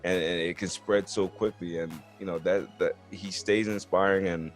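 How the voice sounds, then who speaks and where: A male podcast host with a low-pitched voice, chatting casually and earnestly and dropping "bro" and "man" into his sentences. Faint music sits underneath him. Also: steady tone, normal speed. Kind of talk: casual sports podcast chat.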